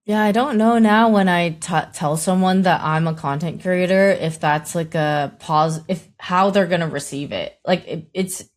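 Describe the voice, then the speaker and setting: A woman's voice: on the low side, normal speed, few pauses. A young woman co-hosting a podcast, speaking thoughtfully and hesitantly, often restarting her sentences. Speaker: podcast co-host, content creator. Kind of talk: casual podcast chat.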